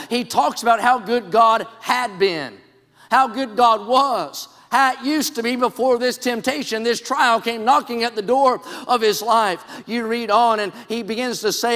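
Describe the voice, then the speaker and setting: A man preaching a sermon, moving from hushed storytelling to shouted pleading. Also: very high-pitched, moderate pace. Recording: long hall reverb.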